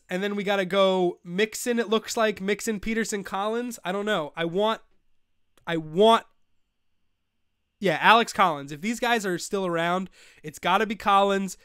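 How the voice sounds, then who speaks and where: A man's voice: high-pitched, a little slow, pauses often, clean tone, no room sound, studio quality. A young man hosting a live fantasy football show, talking casually and ranting in frustration. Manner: excitable, swears, rants in frustration. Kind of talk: live-streamed casual commentary.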